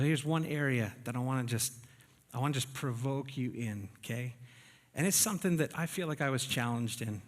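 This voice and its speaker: A man preaching a sermon to his congregation in a church, conversational and often checking in with the room. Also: medium pitch. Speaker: pastor. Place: church sanctuary. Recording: reverberant church hall.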